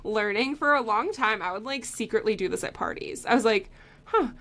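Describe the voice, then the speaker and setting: A woman's voice: fairly high pitch, expressive, a little fast, a bit bright. A young adult woman co-hosting a podcast, telling stories in a chatty way, acting out quoted voices and laughing often. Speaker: podcast co-host. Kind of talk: casual chat.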